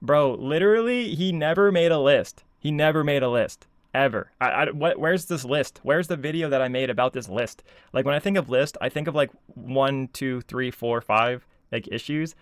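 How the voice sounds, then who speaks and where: A man's voice: medium pitch, moderate pace, hardly any pauses, clean tone, no room sound, clean studio sound. A man ranting casually as a video commentator, sarcastic and exasperated, full of filler words. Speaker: YouTube commentator.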